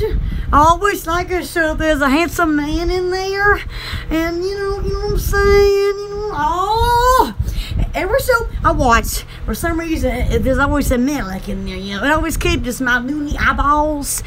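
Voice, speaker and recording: A woman's voice: sits high, background noise. A woman vlogger chatting to the camera in a rambling, theatrical way, often breaking into laughter. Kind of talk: rambling casual chat to camera.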